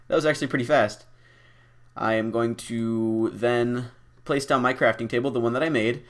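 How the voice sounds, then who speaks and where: A man giving casual, rambling commentary while playing a game, self-mocking and deliberately goofy, with lots of ums and restarts. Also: mid-range voice. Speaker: gameplay commentator. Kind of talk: casual Let's Play commentary.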